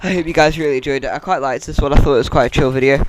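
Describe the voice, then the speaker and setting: A man, chatting casually through game news as a YouTuber, with jokey asides and a fairly monotone delivery. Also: mid-range voice, very fast, loud music behind the voice. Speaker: gaming YouTuber. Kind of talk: casual game-news commentary over gameplay.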